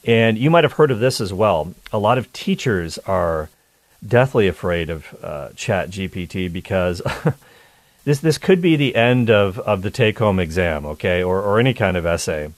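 A man's voice: low-pitched, expressive, normal speed, no room sound. A man hosting a radio talk show, chatting casually and interrupting himself with playful asides. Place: radio studio. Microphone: studio mic.

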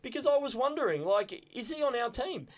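A man's voice: extremely high pitch, animated, a little fast. A young adult man with an Australian accent, chatting enthusiastically as a podcast co-host, often repeating words as he goes. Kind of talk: casual chat.

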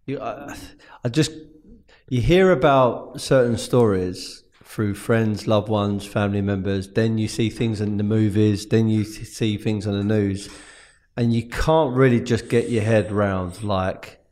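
Interview host guy, lowish voice, halting, kinda searching for words. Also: a little mellow. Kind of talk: conversational interview.

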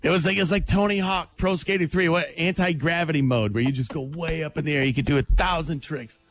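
A man's voice: on the high side, a little fast. A man in his thirties co-hosting a casual comedic chat, rambling and laughing often. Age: 30s. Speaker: co-host.

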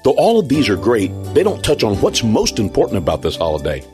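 A man's voice: on the low side, wildly swooping pitch, a little fast. A man reading a scripted introduction to a preaching broadcast. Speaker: announcer. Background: music bed.

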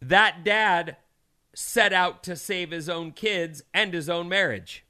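Radio co-host, man, 30s, bright crisp voice, dry studio sound, wry news-reader delivery. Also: high-pitched, slow pace, no echo. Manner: reads odd news stories with wry asides. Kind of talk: morning radio news banter.

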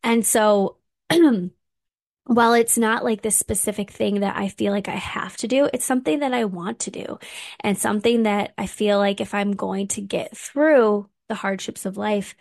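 Earnest woman podcast host, mid-pitched, dry close recording, heartfelt chat. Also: fairly even intonation, moderate pace, vocal fry, darkish tone, no room sound. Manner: earnest and heartfelt, getting emotional. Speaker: mom. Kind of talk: casual faith podcast talk.

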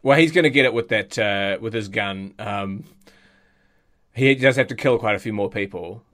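A man's voice: lowish voice, normal speed, a bit bright. A man co-hosting a comedy podcast, telling an improvised silly story with lots of fillers and restarts. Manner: rambling, hesitant, acts out silly quoted voices.

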